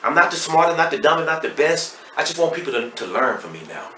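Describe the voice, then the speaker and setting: A middle-aged man with a Texas accent, speaking as a podcast guest and telling his story candidly and emotionally, swinging between loud and hushed. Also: fairly high pitch, sing-song, quick pace, distant mic. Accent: Southern US, Texas. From Dallas, Texas. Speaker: podcast guest, hip hop artist. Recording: roomy echo, off-mic, faint noise.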